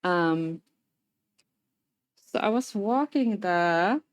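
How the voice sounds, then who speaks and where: A woman livestreamer telling a story in casual chat, animated and laughing often as she talks while assembling a paper craft. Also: medium pitch, drawn-out words, no echo, dull audio. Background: talking while assembling a paper craft.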